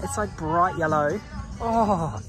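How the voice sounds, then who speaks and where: A man with a fairly high voice talks through a casual travel vlog outdoors, recorded on a handheld camera. He is chatty, laughs often and exclaims as he goes, and he is out of breath from the climb. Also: takes it slowly, over music. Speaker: travel vlogger. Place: outdoors at a hilltop pyramid site.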